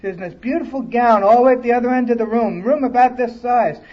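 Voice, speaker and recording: A man with a notably high voice tells his own story at a recovery conference, blunt and salty with his language. The recording sounds dull and lo-fi, like an old tape of a talk in a hall. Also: fast talker. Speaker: conference speaker.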